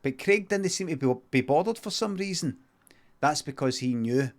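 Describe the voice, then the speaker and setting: A man with a Scottish accent improvising a comic story in a deadpan, rambling, sweary way. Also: a little high, moderate pace. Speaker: comedian streamer.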